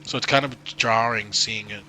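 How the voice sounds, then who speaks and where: A man's voice: fairly low pitch, steady tone, normal speed, sharp tone. A young Australian man from Queensland, chatting casually and rambling with sarcastic asides while playing a game. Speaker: gaming streamer. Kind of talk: casual chat over gameplay. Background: game music.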